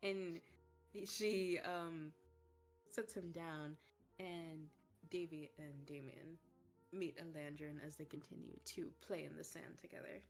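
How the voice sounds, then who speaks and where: A woman's voice: deep voice, fairly even intonation, unhurried, faint music behind. A woman narrating as game master in a tabletop game, rambling with lots of fillers.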